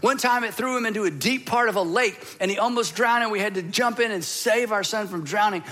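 A man's voice: sits high, fairly quick, sharp tone, pitched above the performer's own voice. A preacher voicing a desperate pleading father. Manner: pleading, urgent, strained. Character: desperate middle-aged father pleading for his son. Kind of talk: sermon retelling.

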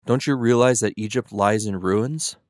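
A man's voice: lowish voice, normal speed, a little mellow, dry recording, studio quality, close to an everyday voice. A man voicing worried royal officials. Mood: urgent.

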